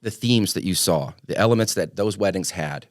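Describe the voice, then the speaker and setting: A man's voice: low voice, normal speed, dry recording, clean studio sound. A man hosting a podcast interview, chatting in an easygoing way and often laughing along. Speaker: podcast host.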